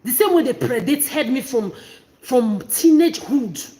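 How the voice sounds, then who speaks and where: Emphatic woman, fairly high voice, heated personal vlog, repeats herself. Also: expressive, unhurried, warm tone. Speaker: vlogger. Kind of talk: emotional personal monologue to camera.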